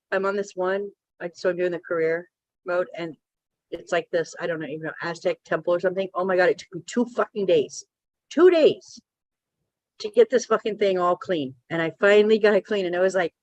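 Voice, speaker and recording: A woman's voice: on the low side, steady tone, brisk, no echo, dull audio. A woman co-hosting a casual podcast, laughing often and swearing casually as she chats. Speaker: podcast co-host. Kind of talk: casual banter.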